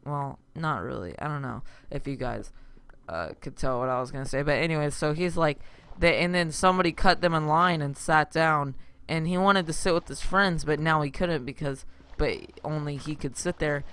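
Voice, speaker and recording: Excitable man with a gravelly bright voice. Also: on the high side, moderate pace. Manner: rambling, excitable, sudden loud outbursts. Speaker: gaming channel host. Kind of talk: casual let's-play commentary.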